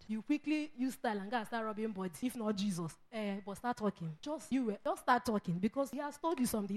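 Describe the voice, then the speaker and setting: Woman preacher, middle-aged, pitched a bit high, animated delivery. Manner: animated, acts out quoted voices, laughs often. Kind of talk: sermon.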